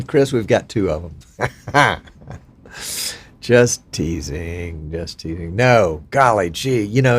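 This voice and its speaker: Folksy older man hosting a live stream. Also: medium pitch. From Virginia. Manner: folksy, chatty, self-deprecating. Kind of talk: casual live stream chat with viewers.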